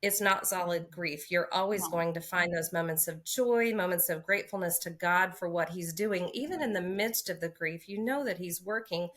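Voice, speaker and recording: Woman co-host, lowish voice, calm, reflective, reassuring talk. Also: normal speed, few pauses. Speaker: podcast co-host. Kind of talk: casual faith podcast conversation.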